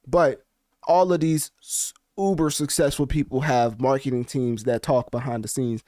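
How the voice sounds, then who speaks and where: A male podcast host with a mid-range voice chats casually at a moderate pace, offering animated, slangy commentary and asides while looking things up on his screen. The sound is dry and studio-clean, from a podcast mic, and he's also on video.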